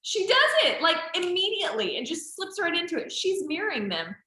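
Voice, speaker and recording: A woman's voice: very high-pitched, very animated, brisk, bright, forceful tone, a little hiss or hum. A woman trainer chatting casually, talkative and encouraging as she answers team questions. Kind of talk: casual group chat. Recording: roomy echo.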